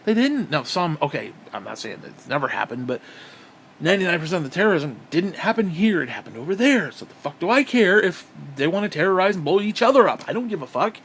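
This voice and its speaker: A man's voice: high voice, sing-song, quick pace, fairly bright tone, slight background noise. A man from upstate New York delivering an angry, profane, sarcastic political rant on his vlog. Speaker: vlogger.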